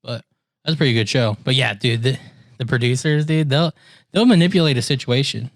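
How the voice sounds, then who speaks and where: A man's voice: mid-range voice, fairly quick, no room sound. A young man co-hosting a casual podcast chat, telling stories in a laid-back way, full of "like" and "dude". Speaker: podcast co-host.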